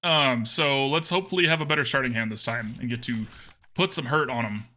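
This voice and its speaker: A man's voice: mid-range voice, fairly quick, sharp tone. A man streaming a card game live, chatting casually with his viewers and laughing often. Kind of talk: live gameplay commentary.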